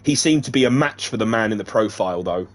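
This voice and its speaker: A man's voice: fairly low pitch, animated, fast talker. A man reading a novel aloud in a casual way, breaking off now and then to joke and laugh. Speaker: reader of a novelization. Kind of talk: casual read-aloud narration.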